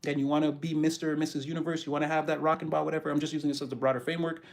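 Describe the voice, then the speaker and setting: A man's voice: on the high side, flat delivery, racing, gravelly. A man giving a channeled spiritual tarot reading who keeps repeating his key phrases for emphasis. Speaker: tarot reader.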